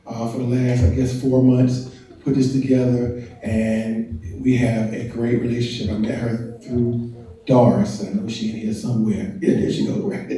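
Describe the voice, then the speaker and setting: An older man gives a chatty, self-deprecating talk to an audience, joking with the crowd as he goes. His voice is mellow and dark, and the sound rings through a big echoey hall, picked up from a distance. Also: mid-range voice. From North Carolina and Washington, D.C. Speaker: guest speaker, family historian. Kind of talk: casual speech to an audience. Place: large event hall.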